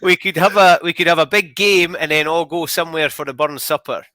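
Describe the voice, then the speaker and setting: A man's voice: a little high, a little fast, bright, forceful tone, no echo. A man hosting a casual podcast chat, upbeat and teasing as he reads out messages. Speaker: podcast host.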